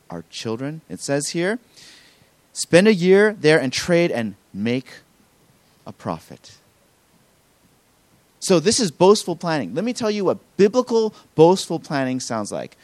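A man delivers a sermon as pastor, his voice a touch high and swinging widely in pitch. He acts out everyday quotes with animated emphasis. The sound is dry and close, with little room in it. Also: dry recording. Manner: animated preaching with acted-out quotes.

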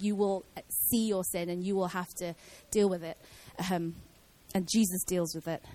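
A woman's voice: medium pitch, a little mellow, low-quality recording. A woman giving an informal Bible teaching in a casual way, with many fillers and restarts.

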